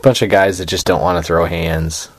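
A man's voice: deep voice, fairly even intonation, moderate pace. A man co-hosting a podcast, chatting casually and throwing in dry, teasing asides. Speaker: podcast co-host. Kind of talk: casual chat.

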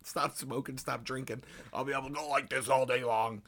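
A man's voice: medium pitch, fairly even intonation, a little fast, fairly bright tone. A young man chatting casually on a podcast, laughing often and mimicking radio voices. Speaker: podcast co-host. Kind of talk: casual chat.

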